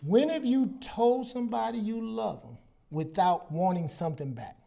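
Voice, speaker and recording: In a gravelly, high-pitched voice at normal speed, a guest psychologist in his sixties shares personal stories during a casual conversation. He's animated, performing the dialogue he quotes.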